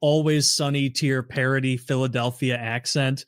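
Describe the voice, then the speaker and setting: A man co-hosting a podcast, trading quick banter and joking asides. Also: medium pitch, steady tone, clear, resonant tone, no echo, clean studio sound. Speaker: podcast co-host. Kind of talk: casual chat.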